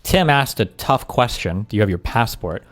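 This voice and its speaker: A man's voice: lowish voice, lively intonation, moderate pace, a bit bright, faint music behind. A man streaming, giving blunt, profane reaction commentary on a debate video. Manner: blunt, profane, thinks aloud.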